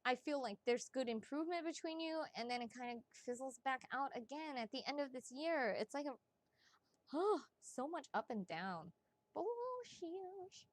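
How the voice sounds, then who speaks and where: A woman giving psychic readings on a casual live stream, chatty and excitable, swearing freely and talking straight to her viewers. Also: high voice, moderate pace, dry recording.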